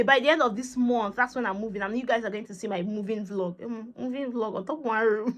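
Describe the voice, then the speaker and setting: A woman with a Nigerian accent vlogging, telling a personal story in a lively, chatty way and slipping into Pidgin phrases. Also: on the high side, normal speed. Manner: animated, acts out conversations, mixes in Pidgin phrases. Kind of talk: casual storytelling to camera.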